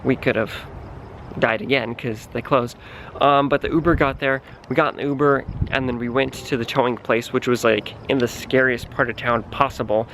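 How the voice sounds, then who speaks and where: A young man vlogs to camera, telling a story in a chatty, dramatic way and saying "like" a lot. His voice is medium-pitched and fairly bright, with fairly even intonation and normal speed, plus slight background noise.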